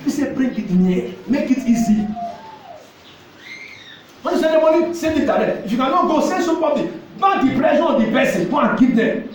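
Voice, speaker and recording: High-voiced Nigerian pastor preaching in an echoing hall. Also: male voice, animated, fast talker, a little hiss or hum. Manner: exhorting, switches into pidgin, repeats phrases. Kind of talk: sermon. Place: church hall. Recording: echoey church hall, mic at a distance, faint ambience.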